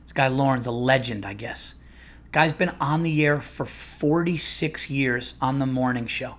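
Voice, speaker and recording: Man, comedian, casual storytelling, profane, rambling, restarts, middle pitch. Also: a little slow, fairly bright tone. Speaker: comedian and podcast host.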